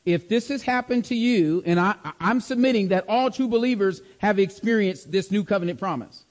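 A man's voice: high-pitched, a little fast. A man teaching a Bible study class, checking in often with his listeners and repeating key words for emphasis. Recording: long hall reverb.

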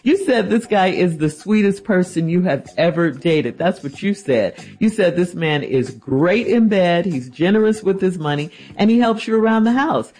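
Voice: mid-range voice, animated, moderate pace, hardly any pauses, darkish tone. An advice host who reads a listener's letter, then answers with teasing disbelief. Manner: teasing, incredulous.

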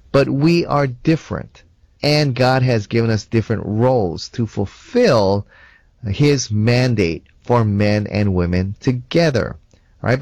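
A man's voice: medium pitch, darkish tone, dry recording. A man giving a Christian apologetics seminar lecture in a conversational way, telling personal stories with frequent asides. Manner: conversational, tells personal anecdotes, frequent "you know".

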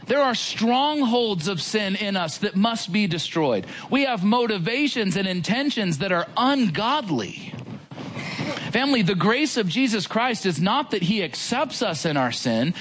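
Animated casual male preacher. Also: sits high, a little hiss or hum. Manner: animated, conversational preaching with rhetorical questions. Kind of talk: casual sermon to a congregation.

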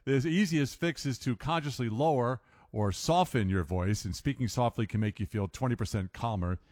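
A man's voice: mid-range voice, moderate pace, darkish tone, no echo, studio quality. A man hosting a radio show, giving a listener tip in chatty talk and laughing as he speaks. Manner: chatty, laughs while talking.

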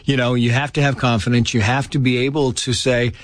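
A man chatting as a guest, telling lively stories and acting out the people in them. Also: mid-range voice, brisk, a little hiss or hum. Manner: animated, acts out quoted voices. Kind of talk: casual storytelling.

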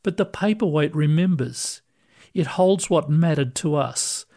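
A man voicing a kindly older male ghost who explains things patiently and gently. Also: fairly high pitch, measured pace.

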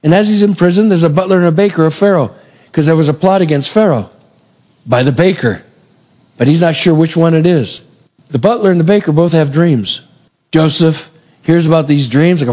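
A man preaching a sermon, retelling a scripture story in a lively way and acting out the characters' lines. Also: on the high side, brisk. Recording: long reverb of a large hall.

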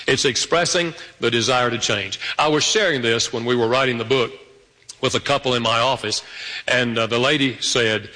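A man preaching a sermon, telling stories with sudden jumps up in pitch. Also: moderate pace. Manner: storytelling with animated pitch jumps. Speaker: pastor. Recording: long hall reverb.

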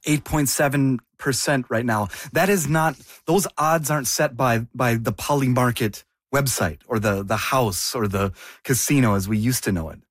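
A man's voice: medium pitch, normal speed, hardly any pauses, no room sound, studio quality. A man co-hosting a discussion, asking questions and explaining points conversationally.

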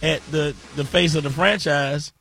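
Reasoning morning radio co-host. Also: male voice, on the high side, steady tone, normal speed, fairly bright tone, faint music behind. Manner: argumentative, reasoning point by point. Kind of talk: casual radio banter.

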